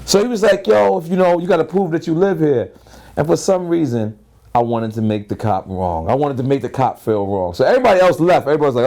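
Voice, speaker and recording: A man's voice: a little high, expressive, fast talker, warm tone. A man, telling stories in an interview in a loose, profane way and acting out both sides of each exchange. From Queens, New York. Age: 30s. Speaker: rapper and interview guest. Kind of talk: casual storytelling interview.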